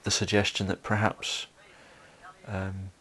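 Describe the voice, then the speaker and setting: A man's voice: sits low, monotone, takes it slowly, a bit bright. A man giving a solo film commentary, rambling with many fillers and restarts.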